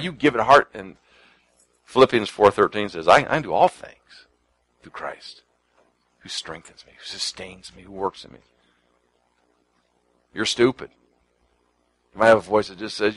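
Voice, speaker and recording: A man delivers a sermon in a fairly low, unhurried voice. He talks conversationally, repeats himself, and quotes scripture, sometimes softening to a hush and sometimes leaning into words with emphasis. The sound is dry and close, with no room echo. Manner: shifts from soft near-whispers to emphatic lines. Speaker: pastor.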